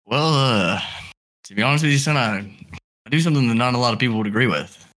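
A man putting on a soft old folksy dad. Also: medium pitch, quick pace, close to an everyday voice. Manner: drawling, calls everyone son or boy; soft-spoken. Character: old male girlfriend's dad, folksy and creepy. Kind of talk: improvised comedy sketch.

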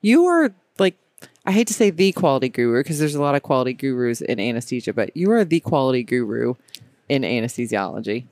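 A woman's voice: very deep voice, sing-song, fairly quick, darkish tone, no room sound. A woman hosting a podcast interview at a conference, upbeat and chatty, laughing often. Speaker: podcast host. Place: conference exhibit hall.

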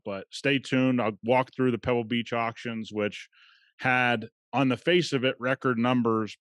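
A man's voice: fairly low pitch, dry recording. A man hosting a podcast, telling a story in a conversational, emphatic way. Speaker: podcast host. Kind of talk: casual podcast monologue.

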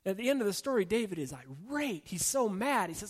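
A man preaching a sermon in a conversational style with casual fillers, dropping soft and slow on key points. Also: high-pitched, lively intonation. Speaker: pastor.

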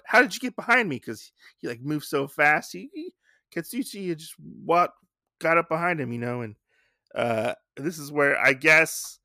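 A man's voice: medium pitch, creaky, bright, forceful tone, no room sound, studio quality. A man hosting a podcast, casually recapping a comic book in a rambling way with lots of fillers and restarts. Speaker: podcast host.

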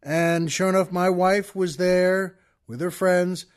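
A man's voice: high voice, steady tone, takes it slowly. A man hosting a podcast, telling a long story in a folksy, chatty way and talking straight to his listeners. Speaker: podcast host. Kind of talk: storytelling monologue.

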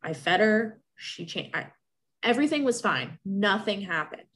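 A woman's voice: medium pitch, expressive, normal speed, a bit bright, a little hiss or hum. Young woman telling an emotional story. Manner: emotional, rambling, with many restarts. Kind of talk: casual personal storytelling.

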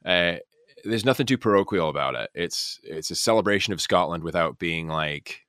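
A man from the United States, an actor guest, chatting casually and telling stories with lively quoted voices. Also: deep voice, normal speed, dry recording, clean studio sound. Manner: animated storyteller, acts out quoted voices. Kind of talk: casual podcast chat.

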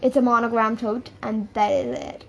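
High-voiced young woman rambling a story. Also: fairly even intonation, moderate pace, gravelly, a bit bright, dull audio. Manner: rambling, repeats herself, lots of "like" and "bro". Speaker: vlogger telling a story. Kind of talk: casual storytime.

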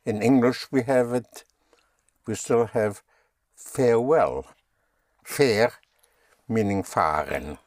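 Slow, patient male German teacher. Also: medium pitch, expressive, a little mellow, no echo, clean studio sound. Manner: patient, spells out words and repeats them. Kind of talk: slow language lesson.

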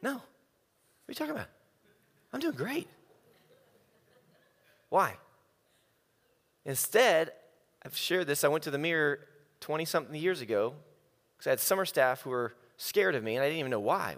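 Animated man preaching in a hall. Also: a little high, moderate pace, long pauses. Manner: animated and self-mocking, acting out quotes. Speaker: speaker. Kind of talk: humorous sermon storytelling.

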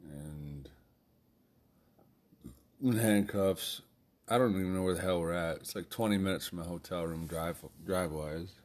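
A man's voice: deep voice, a little slow, long pauses, darkish tone. A man telling a personal story in a casual, rambling way, swearing freely and laughing as he goes. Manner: profane, rambling, laughs often.

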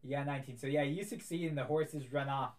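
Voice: medium pitch, fast. Amused young game master. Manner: relaxed, amused, with fillers. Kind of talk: narrating a tabletop game.

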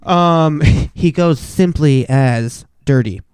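Young male co-host, slightly high, smooth tone, rambling jokey chat. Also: slow pace, darkish tone, dry recording, clean studio sound. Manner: joking, rambling banter. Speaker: podcast co-host. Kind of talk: casual chat.

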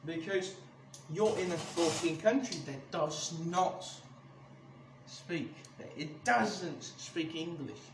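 Man ranting on a podcast, high voice, angry and swearing, echoey room, noticeable background noise. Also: takes it slowly. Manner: angry, swears a lot, many restarts. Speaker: podcast host. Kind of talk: casual ranting monologue.

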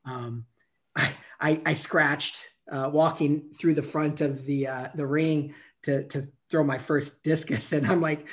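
A man's voice: fairly high pitch, steady tone, measured pace. A man in his fifties guests on a podcast as a coach. He tells long stories in a loose, rambling way, full of fillers and restarts. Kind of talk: casual storytelling interview.

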